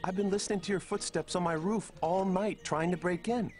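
A man's voice: high voice, steady tone, brisk, a little mellow, soft background music, natural voice. A man playing a grumpy, suspicious carpenter in a video game. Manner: gruff, suspicious, sarcastic.

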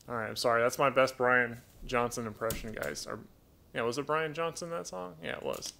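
This is a man with a raspy, mid-range voice running an easygoing live Q&A from his house. He rambles, reads chat aloud, and talks to his pet birds, speaking a little fast in a pushed, bright way.

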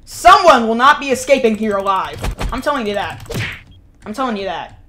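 A woman live-streaming a game, talking to her chat and yelling at game characters. She swings between shouting and muttering and repeats the same phrases over and over. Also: fairly high pitch, expressive, normal speed, a little hiss or hum. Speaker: gaming streamer.

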